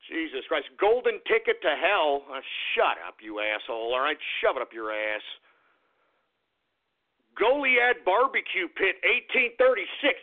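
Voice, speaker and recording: A man's voice: on the high side, very animated, normal speed. A man hosting a live radio show, talking casually and profanely and breaking into combative outbursts. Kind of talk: live call-in radio rant. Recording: phone-like lo-fi radio stream.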